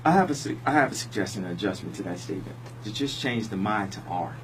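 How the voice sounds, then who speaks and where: A man being interviewed on the radio, talking in a halting, rambling way full of restarts. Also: on the low side, lively intonation, noisy background. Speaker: interview guest. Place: radio studio.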